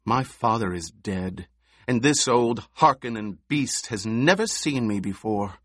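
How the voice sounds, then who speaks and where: A man's voice: on the low side, expressive, unhurried, a bit bright, dry recording, clean studio sound. A man voicing an eerie, haughty little girl. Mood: cool scorn. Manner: cool, precise and scornful.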